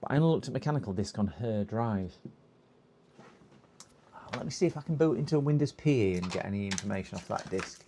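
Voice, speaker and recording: A man's voice: lowish voice, animated, fairly quick, long pauses, background noise. A man on a live repair stream, thinking aloud and reading instructions half to himself with hesitant fillers. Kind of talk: casual live-stream chat. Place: repair workbench.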